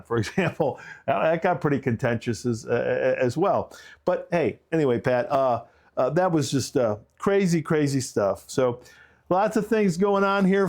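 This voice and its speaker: A man's voice: fairly high pitch, a little mellow. A man co-hosting a podcast, talking through current events in a rambling, chatty way with frequent restarts and tangents. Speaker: podcast co-host. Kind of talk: casual podcast commentary.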